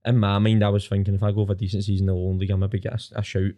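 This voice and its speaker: A Scottish man in his twenties telling his own story candidly as a podcast guest, plain-spoken and rapid. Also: on the low side, flat delivery, warm tone.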